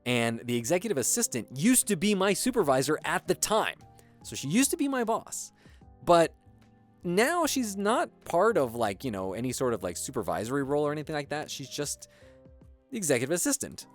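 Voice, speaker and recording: Faint music plays behind this very animated, fairly quick American streamer, whose pitch sits in the medium range. It's casual livestream chatter during a build, rambling and profane storytelling packed with fillers.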